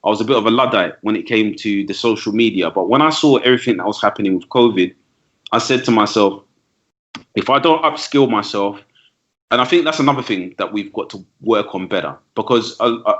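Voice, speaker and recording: Speaking fast in a lowish, fairly bright voice, a teacher and trainer joins a podcast as a guest. He chats casually, breaking his ideas into lists and side remarks, captured on dull, lo-fi audio.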